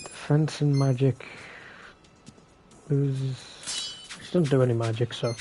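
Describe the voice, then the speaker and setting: A man's voice: medium pitch, steady tone, slow pace, long pauses, dark tone. A man doing casual live commentary over a game, bickering and swearing with his chat. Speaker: game streamer. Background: game music.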